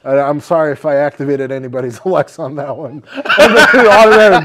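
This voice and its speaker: A man co-hosting a podcast in casual chat, telling a rowdy story with lots of laughter, swearing and loud acted-out quotes, a bit tipsy. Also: fairly high pitch, expressive, quick pace, few pauses. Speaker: podcast co-host.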